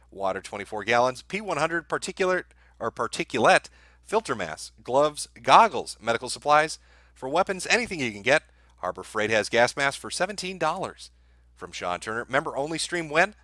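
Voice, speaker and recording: A man's voice: mid-range voice, bright, forceful tone, no room sound. Sardonic, profane male streamer. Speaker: live-stream host. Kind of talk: live stream reading out and answering viewer messages.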